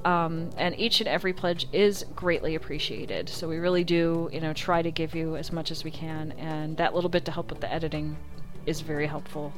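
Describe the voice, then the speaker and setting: A woman's voice: deep voice, fairly even intonation, fairly quick, few pauses, music in the background. Chatty woman hosting a podcast. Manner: chatty and easygoing. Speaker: podcast host. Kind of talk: casual podcast chat.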